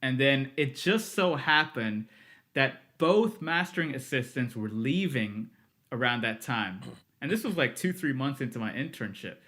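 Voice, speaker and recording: A man's voice: mid-range voice, measured pace. A man in his thirties, a guest on a podcast, telling stories casually with frequent laughs and acted-out quotes. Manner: animated storyteller, laughs often, acts out quotes. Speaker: podcast guest, music producer. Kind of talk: casual interview storytelling.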